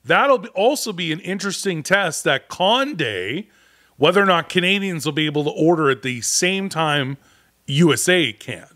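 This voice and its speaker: Guy with a bright voice, slightly high, just chatting away and thinking out loud on a collector show. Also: animated, normal speed. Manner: chatty, explains and speculates at length. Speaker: co-host of a collector channel. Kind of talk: casual chat.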